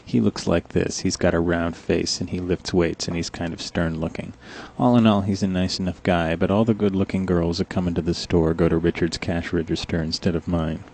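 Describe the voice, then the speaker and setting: A young man narrating a comic story in a deadpan, dryly complaining way, telling it as a coffee shop cashier. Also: deep voice, fairly quick, slight background noise.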